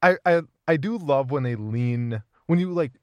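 A man's voice: medium pitch, lively intonation, normal speed, no echo. A young man from Minnesota with a Minnesotan accent, co-hosting a podcast in casual, rambling chat and laughing often. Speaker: podcast co-host.

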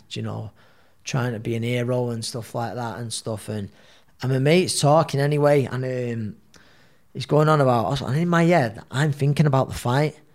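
A man, telling a story as a podcast guest in a rambling, animated way, full of fillers. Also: medium pitch. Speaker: guest, boxer.

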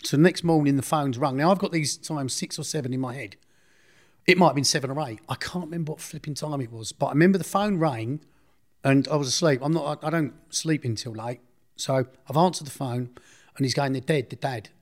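A man's voice: fairly high pitch, brisk. A middle-aged man, telling his story in an interview in a blunt, rambling way, often correcting himself. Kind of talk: casual storytelling.

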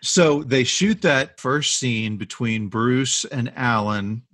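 A man's voice: medium pitch, takes it slowly, a bit bright, no echo, clean studio sound. A man co-hosting a casual talk show, telling movie history stories in a chatty, rambling way. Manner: chatty storyteller with restarts and asides. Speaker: podcast co-host.

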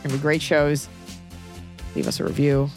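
A woman podcast host in her thirties telling a casual story in a frank, animated way, often acting out what people said. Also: sits low, moderate pace, soft background music. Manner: animated, acts out quoted voices, frank and profane.

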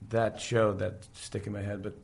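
Gravelly-voiced man telling a story animatedly. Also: fairly low pitch, moderate pace. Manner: animated storyteller acting out scenes. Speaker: podcast guest. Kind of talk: casual chat.

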